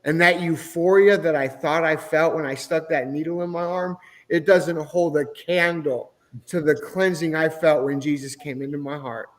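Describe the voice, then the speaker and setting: A man's voice: on the high side, steady tone, normal speed. A middle-aged man, a podcast guest, telling his personal faith testimony in an earnest, emotional way. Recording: long hall reverb.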